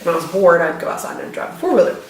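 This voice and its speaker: A young woman co-hosting a casual podcast, relaxed and quick to laugh. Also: on the low side. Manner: laid-back, laughs often. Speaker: podcast co-host. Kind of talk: casual chat. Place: room at home. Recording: roomy, distant mic with faint hiss.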